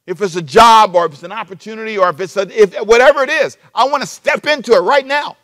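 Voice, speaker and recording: A male pastor preaching a sermon, animated and repeating himself as he restarts phrases. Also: high voice, quick pace. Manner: animated preaching, sudden shifts between loud emphasis and soft asides.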